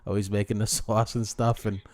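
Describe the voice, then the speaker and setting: A man's voice: on the low side, brisk, no echo, studio quality. A man hosting a podcast, telling joking stories in casual chat. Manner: joking, animated storyteller. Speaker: podcast host.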